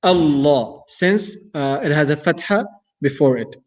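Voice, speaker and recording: Patient imam drilling recitation, slightly high voice. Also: male voice, moderate pace. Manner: patient, repeats each point and sound several times; hesitant fillers between explanations. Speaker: imam teaching Quran recitation. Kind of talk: slow, repetitive recitation lesson. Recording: dull lo-fi recording.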